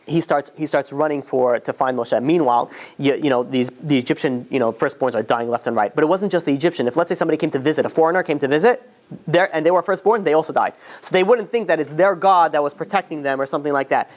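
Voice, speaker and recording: Male teacher telling the story to a class, conversational, halting, with plenty of "you know"s. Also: fairly high pitch. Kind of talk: informal storytelling lesson to students.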